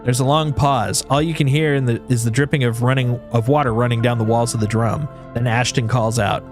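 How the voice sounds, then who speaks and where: A man's voice: medium pitch, steady tone, fairly quick, few pauses, soft background music. Man narrating a video game aloud. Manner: second-person narration with frequent restarts. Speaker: streamer. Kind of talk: reading a video game's story aloud.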